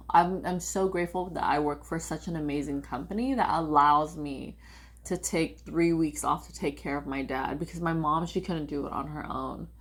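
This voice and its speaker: A young woman telling a personal family story in a casual, rambling way, full of "like" and animated quotes of her parents. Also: lowish voice. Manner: rambling, heavy use of "like", animated quoting of family.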